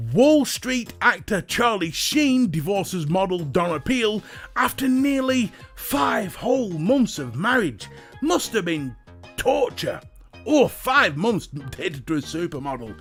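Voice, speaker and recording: Talking directly to his chat, a British man runs a casual, jokey livestream and reads out what viewers comment. His voice sits high with a fairly bright tone.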